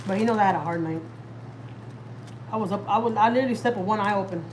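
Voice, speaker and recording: Woman, 30s, mid-pitched, chatty live-stream host talking at length into her phone from home, light background hiss. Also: fast, a little mellow, poor audio. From Texas, USA. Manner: chatty and rambling, talks straight to viewers. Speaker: family vlogger hosting a live stream. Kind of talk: casual live-stream chat.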